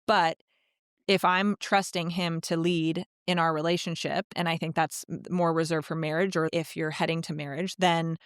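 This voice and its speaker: Woman coaching earnestly in a smooth voice. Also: sits low, level tone, normal speed, no room sound, studio quality. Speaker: podcast guest. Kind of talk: casual podcast conversation.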